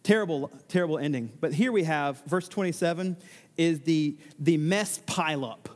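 A man's voice: a little high, normal speed, darkish tone, big-room sound. A male pastor preaching a sermon, emphatic and given to exclamations.

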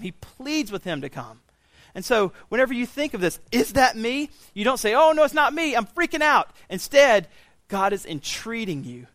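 A pastor preaching a sermon in a church, swinging from quiet intensity to loud, raised pleading. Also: male voice, very high-pitched, dry recording. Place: church sanctuary.

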